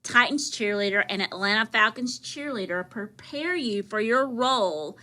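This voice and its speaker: A woman podcast co-host from Tennessee, chatting casually and gushing warmly in a rambling way, saying y'all. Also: mid-range voice, lively intonation, moderate pace. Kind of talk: casual chat.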